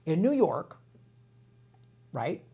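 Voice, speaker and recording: A man's voice: a little high, sing-song, drawn-out words, creaky, warm tone, breathy edge. A middle-aged man hosting a political live stream, ranting furiously at viewers with heavy profanity and lots of repetition. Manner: profane and furious, repeats himself, addresses viewers directly.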